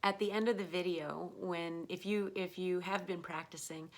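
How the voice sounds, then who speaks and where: An American woman giving an online pronunciation lesson, speaking slowly and patiently, repeating words for learners to copy. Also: lowish voice, fairly even intonation. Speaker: English pronunciation teacher.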